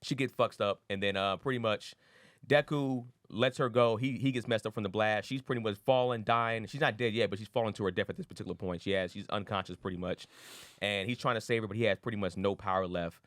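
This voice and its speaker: A man's voice: lowish voice, fast talker, dry recording, clean studio sound. A man co-hosting an anime podcast, retelling episodes in slangy casual chat and acting out characters' lines. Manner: animated retelling with slangy voiced impressions, frequent profanity. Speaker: podcast co-host.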